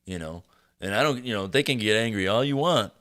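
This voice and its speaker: A man with a deep voice hosting a podcast, talking casually with lots of swearing and laughter. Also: brisk. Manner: animated, swearing, laughing often. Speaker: podcast host. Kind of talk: casual chat.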